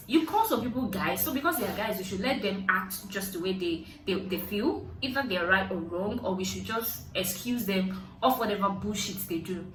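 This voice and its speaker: A young adult Nigerian woman with a Nigerian accent, vlogging, telling a story with lively, high-pitched outbursts when she quotes people. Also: a little fast, recorded from a distance. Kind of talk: animated storytelling. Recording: echoey room, voice set back from mic.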